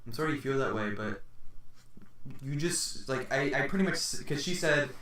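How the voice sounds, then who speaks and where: A man's voice: medium pitch, animated, moderate pace, fairly bright tone. A young man telling a long story on a podcast, rambling and swearing as he acts out what people said. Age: teens. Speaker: podcast host. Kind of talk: casual storytelling chat. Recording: echoey room, distant mic.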